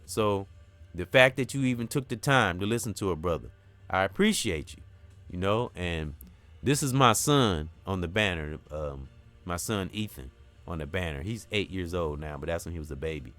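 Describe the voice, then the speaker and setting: A man's voice: low-pitched, expressive, normal speed, fairly bright tone, faint music behind. A middle-aged man hosting a casual spiritual talk, speaking earnestly with a repetitive, preacher-like cadence. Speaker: host of a spiritual talk channel.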